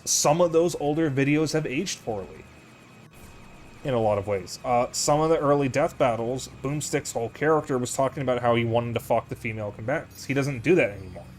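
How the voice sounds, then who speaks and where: A young man streaming a video game, chatting candidly with viewers, swearing freely and rambling with fillers. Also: medium pitch. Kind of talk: casual gameplay commentary.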